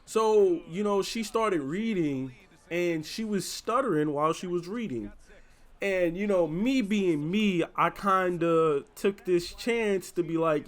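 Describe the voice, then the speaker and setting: A man's voice: high-pitched, unhurried, a bit bright. A young man telling a story in casual slang, swearing often and filling his talk with "you know what I'm saying" and "bro". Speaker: storyteller host.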